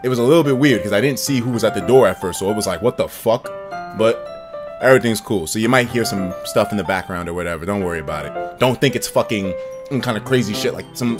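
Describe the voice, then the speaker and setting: A man streaming a video game, talking excitably and swearing often as he plays. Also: fairly low pitch, rapid-fire, music in the background. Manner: excitable, profane, laughing. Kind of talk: let's play commentary.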